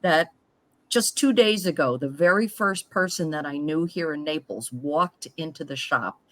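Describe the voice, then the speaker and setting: A woman's voice: low-pitched, normal speed, fairly bright tone. Middle-aged woman, earnest and reflective, telling her story on a group video chat. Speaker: guest author.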